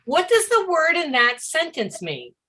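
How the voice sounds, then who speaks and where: A woman with a bright, fairly high voice gives a live-streamed lesson on reading for deaf children. She talks in an animated way and often slips into the voice of a puzzled child. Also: measured pace, a little hiss or hum. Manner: animated, acts out a confused child's voice. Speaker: educator of deaf students.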